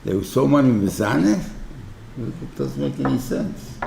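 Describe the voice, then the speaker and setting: A New rabbi giving an informal class, talking conversationally, often checking in with "right?" and using everyday examples. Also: male voice, medium pitch, lively intonation, moderate pace, creaky, warm tone, roomy sound, a little hiss or hum. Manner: explains through everyday examples. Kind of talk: informal Torah class lecture.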